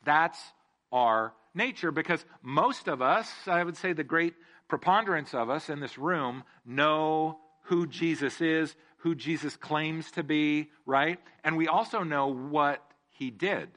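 A man's voice: a little high, slow, fairly bright tone. A man preaching a casual sermon, joking and asking the room questions. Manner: jokey, asks the room questions. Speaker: pastor.

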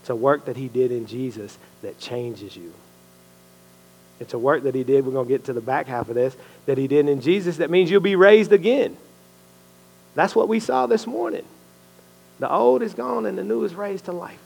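A man's voice: fairly high pitch, moderate pace, creaky, breathy edge. A man giving a casual, conversational sermon to a small group, often checking in with "right?". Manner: conversational, animated, uses "bro" and "right?". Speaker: lay preacher and coach. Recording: echoey hall with long reverb.

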